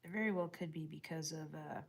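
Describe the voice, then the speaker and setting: A woman's voice: sits low, fairly quick, vocal fry. A woman livestreaming casually outdoors, reading chat and talking to viewers, often dropping into whispers and bursting into laughs. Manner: chatty, drops to whispers and laughs.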